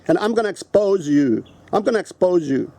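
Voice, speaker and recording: A man's voice: sits high, animated, a little fast, gravelly, warm tone, no room sound. A man with a South African accent, ranting angrily and profanely into the camera, repeating himself and confronting the person he is addressing. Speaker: video host. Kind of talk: angry rant to camera.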